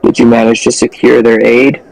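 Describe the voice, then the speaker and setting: A man at a tabletop game, asking questions in character with measured, formal phrasing. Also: medium pitch, flat delivery, vocal fry, darkish tone, low-quality recording. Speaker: player.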